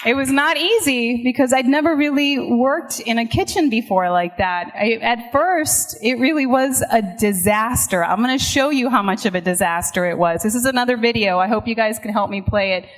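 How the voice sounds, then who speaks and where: A woman's voice: on the high side, normal speed, few pauses. A woman from Puerto Rico giving an emphatic, emotional inspirational speech on stage. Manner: emphatic and emotional, quoting others dramatically. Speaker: motivational speaker. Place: large hall before an audience. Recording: echoey hall with long reverb.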